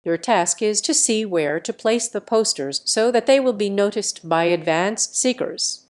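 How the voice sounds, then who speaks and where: A woman's voice: mid-range voice, animated, measured pace, lightly acted. A woman voicing a male spiritual teacher who gives solemn instructions in a pacifying tone.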